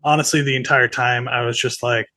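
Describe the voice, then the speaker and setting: A man's voice: medium pitch, little pitch movement, a little fast, bright, forceful tone. A man who is a voice actor, a guest in casual podcast chat, easygoing and chuckling as he talks. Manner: easygoing, chuckles while talking.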